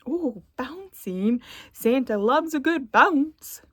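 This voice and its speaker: A woman playing jolly old Santa, lively and playful. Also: high voice, slow, dry recording, clean studio sound, pitched above the performer's own voice. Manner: chuckling ho-ho asides, playful teasing. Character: jolly old man Santa reading aloud. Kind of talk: storybook read-aloud.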